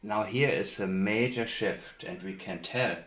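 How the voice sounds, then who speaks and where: A man commenting on interview clips, speaking in a deliberate, emphatic way and repeating key phrases. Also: on the low side, fairly bright tone, reverberant. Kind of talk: analytical commentary with played clips.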